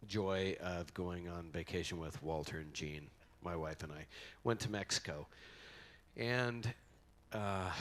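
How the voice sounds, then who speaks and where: A man with a low voice and fairly bright tone speaks into a microphone at a memorial in a convention center event hall. His eulogy for his friend is casual and rambling, full of anecdotes and jokes.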